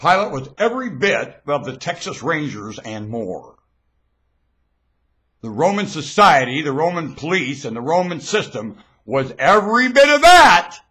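A man giving a rambling webcam monologue, swinging between low mutters and sudden shouts, recorded on a webcam mic at home. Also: sing-song, measured pace, slightly rough.

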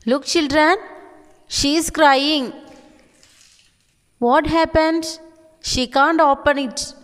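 A woman teacher with an Indian English accent speaks in a very high voice, drawing her words out slowly for a class of small children. She keeps her sentences short and asks each question twice. Her voice rings in a room with a long echo. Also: steady tone, fairly bright tone. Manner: slow, simple sentences, repeats questions to the children. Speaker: kindergarten teacher. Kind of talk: online class for young children. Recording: reverberant room.

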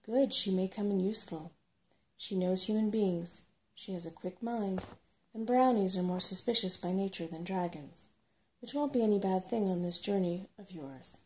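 A woman voicing a weary, forgetful old male dragon in a soft, murmuring whispered role-play. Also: mid-range voice, lightly acted. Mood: grave. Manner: slow, murmuring, trailing off.

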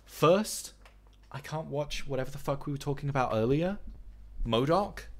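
A man's voice: a little high, expressive, normal speed, a little mellow, a little hiss or hum. A man streaming, chatting casually and ranting in a profane, mock-outraged way.

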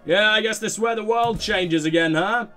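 A man hosting a let's play, giving excitable, self-mocking game commentary full of swearing. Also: high voice, normal speed, soft background music.

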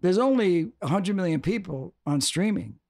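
Older guy on a podcast, kinda high voice, rambling, says stuff over and over. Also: animated, moderate pace, creaky, a little mellow, dry recording, studio quality. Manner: rambling, restarts, emphatic repetition. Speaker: guest. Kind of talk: casual interview talk.

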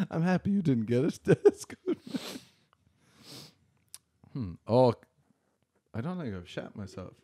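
A man's voice: medium pitch, huge pitch swings, takes it slowly, long pauses, warm tone. A man from Ireland with an Irish accent, a guest telling anecdotes in casual chat and laughing often. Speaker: guest comedian.

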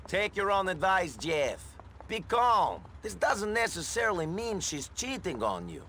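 A terse game hero, dry delivery, lively pitch, loud street noise. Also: male voice, measured pace, exaggerated voice.

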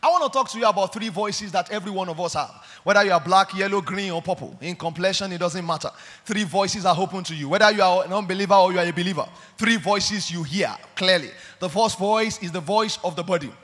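A man preaching a sermon, animated and full of stories. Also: high-pitched, fast. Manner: animated, storytelling with acted quotes. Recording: long hall reverb.

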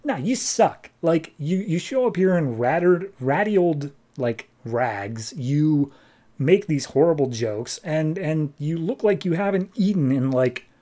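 A rude, blunt talent-show judge, as a man puts him on, brushing off a contestant with flat contempt. The voice is mellow and low-key rather than loud. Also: measured pace. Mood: sneering. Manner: dismissive, blunt.

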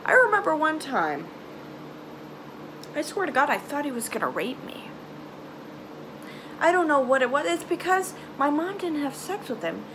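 A young woman telling a personal story to camera in a halting, emotional way, trailing off into sighs and nervous laughs. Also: high voice, sing-song, background noise. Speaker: vlogger. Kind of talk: confessional storytime vlog.

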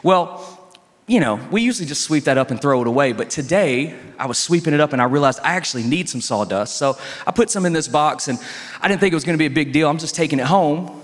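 A man's voice: a little high, expressive, fast, long reverb tail. A man voicing a sly male factory worker who talks in an offhand, innocent-sounding way.

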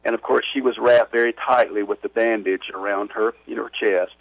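A man telling his story as a guest in a radio interview, earnest and halting with many restarts. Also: on the low side, steady tone, gravelly, no room sound. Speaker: author and guest. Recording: muffled radio audio.

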